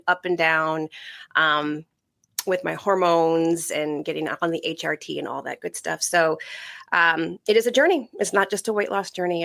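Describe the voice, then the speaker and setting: A woman co-hosting a podcast with a Midwestern-Southern mixed accent, relaxed and giggly with stumbling restarts. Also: lowish voice, vocal fry. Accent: Midwestern and Southern American mix. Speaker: podcast co-host. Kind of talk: casual podcast chat.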